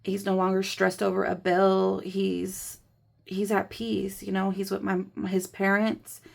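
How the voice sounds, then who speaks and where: A woman in her thirties with a gravelly, fry-tinged voice talks through a budgeting vlog in a loose, candid ramble. She counts cash aloud as she goes, and her grief sits quietly under the chat. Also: mid-range voice, monotone, measured pace. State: grieving. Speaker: budgeting vlogger. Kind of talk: casual chatty vlog.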